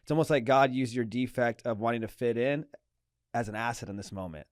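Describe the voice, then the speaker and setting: A man's voice: mid-range voice, brisk, no echo, clean studio sound. A man hosting a podcast, affirming his guest with lots of "mm-hmm"s and "like"s. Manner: warm affirming listener, many "mm-hmm"s and "like"s. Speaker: podcast host. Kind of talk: casual interview chat.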